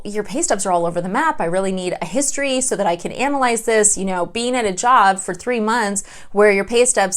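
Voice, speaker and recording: A middle-aged woman, a mortgage loan officer, explaining in a casual vlog and acting out little dialogues as she goes. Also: medium pitch. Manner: animated storytelling, acts out dialogue.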